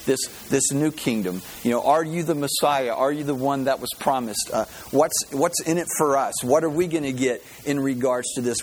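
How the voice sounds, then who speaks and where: A man's voice: mid-range voice, a little hiss or hum, rough recording. A man preaching a sermon as pastor, in a folksy storytelling way with many fillers and restarts.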